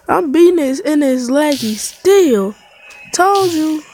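A high-voiced woman talks through a video game in a slow, drawn-out way. She trash-talks loudly and breaks into excited yells. A faint hiss sits under her voice. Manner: loud trash talk with frequent yelling. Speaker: gamer streaming gameplay. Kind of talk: excited gaming chatter.

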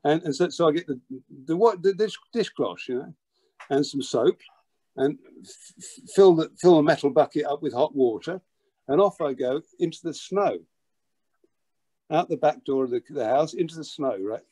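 Recalling a past story as an interview guest, an older drummer speaks at normal speed in a somewhat high-pitched voice that is dark with a breathy edge and lively intonation. He acts out scenes animatedly, tripping over and repeating words and frequently adding "you know."

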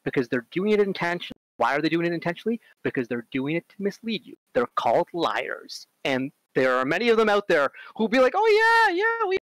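A man giving a casual conference talk, chatty, full of fillers, and animated when he tells stories. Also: a little high, quick pace, hardly any pauses, no echo, rough recording. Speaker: conference speaker on robotics strategy.

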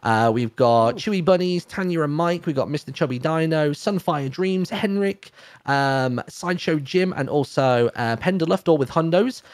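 Guy reading off donor names fast-ish, kinda high voice, dry mic, lots of uhs. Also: dry recording. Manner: brisk, reads names in long lists with fillers. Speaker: donation reader on a charity stream.

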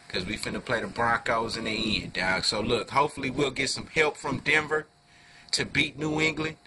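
A man giving a heated fan rant to camera, full of profanity and street slang, dropping low then flaring into loud outbursts. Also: a little hiss or hum. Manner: profane slangy talk, keeps calling listeners "dog"; swings from low muttering to loud angry outbursts. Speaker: fan video reviewer.

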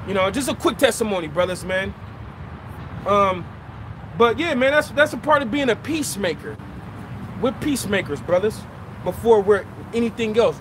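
A man with a very high voice tells an animated religious testimony as a lay preacher, swearing as he goes. He keeps calling his listeners brothers. Faint traffic hums behind him outdoors.

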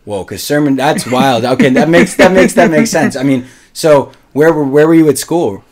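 A man's voice: on the high side, normal speed, crowd noise. A man hosts a casual podcast conversation in an easygoing, chatty way. His talk is loose and full of fillers like "dude" and "like.". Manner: relaxed, chatty, says "dude" and "like" a lot. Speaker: podcast host. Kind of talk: casual chat.

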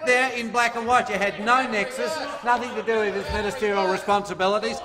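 A man's voice: sits high, fairly even intonation, brisk, crowd noise. An Australian man, a member of parliament, making a combative debate speech and reading out the rules. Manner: combative, reads from the rulebook. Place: large parliament chamber. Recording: long reverb of a large hall.

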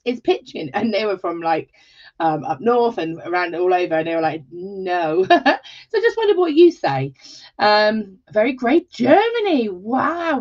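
An English woman hosts a live craft stream with warm, chatty talk, greeting viewers by name and exclaiming often. Her voice sits at an ordinary middle pitch. The livestream audio sounds slightly dull. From England. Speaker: host of a live jewellery-making tutorial.

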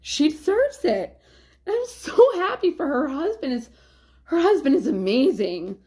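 A woman's voice: sits high, big pitch swings, measured pace, mellow. A woman vlogger talking in a rambling, casual confessional way, with plenty of fillers and swearing.

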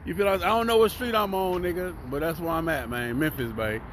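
Loud, profane fifty-one-year-old man with a Southern accent. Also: fairly high pitch, a little fast, slight background noise. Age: 50s. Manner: loud, profane, swings between shouting and mumbling. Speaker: vlogger and podcast host. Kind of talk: casual rant to camera. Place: cheap hotel room near train tracks.

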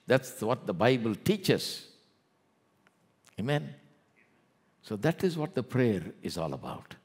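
A man with an Indian English accent preaching a sermon as pastor, animated, acting out the taunts of scoffers. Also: lowish voice, husky, in a large hall.

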